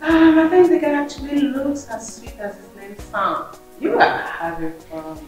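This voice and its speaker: A playful young Nigerian woman, teasing her friend with a laugh in her voice. Her voice sits a bit high, and she speaks slowly. It was recorded in a very echoey room, with soft music underneath. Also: sing-song.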